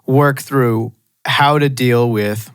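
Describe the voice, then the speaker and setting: A man co-hosting a movie review podcast, retelling scenes in a casual, animated way with frequent laughter. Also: medium pitch, slow pace, clean tone, no echo, clean studio sound.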